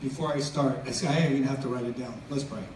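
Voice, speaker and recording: Middle-aged man, guest preacher, chatty joking sermon, frequent restarts, booming church echo, faint background noise. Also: steady tone, fast, darkish tone. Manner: joking, chatty, self-interrupting. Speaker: guest speaker. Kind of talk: casual sermon. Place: church venue. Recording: echoey hall from far off, faint noise.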